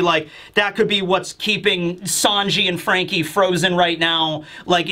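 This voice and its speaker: An excitable male reviewer in casual commentary, close on the mic. His voice sits high and bright. He keeps slipping into short acted-out character lines. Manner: excitable, acting out character lines in quick bursts. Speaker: YouTube chapter reviewer.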